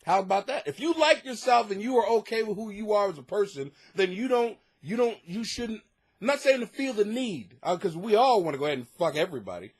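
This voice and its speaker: A man's voice: high voice, very animated, brisk, breathy edge. A man hosting a comedy podcast, ranting profanely with sarcastic mock outrage while reading listener letters. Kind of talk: crude comedic advice rant. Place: home basement.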